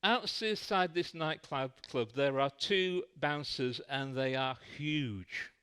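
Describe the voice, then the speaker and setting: A man's voice: medium pitch, takes it slowly, sharp tone, smooth. A man preaching a sermon in a church, telling a light-hearted story.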